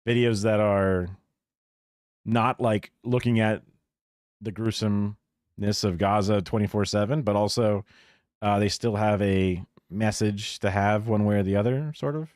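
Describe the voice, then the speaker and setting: On the low side and darkish, his voice stays steady and unhurried, captured cleanly in studio quality with no room sound. He hosts a live reaction stream from his home setup, offering casual, opinionated, profane rants broken up by chuckles.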